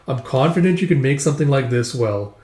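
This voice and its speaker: A man voicing a stern old grandmother who teaches embroidery, speaking firmly and in a measured, lecturing way. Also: mid-range voice, lively intonation, darkish tone, close to an everyday voice. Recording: echoey room.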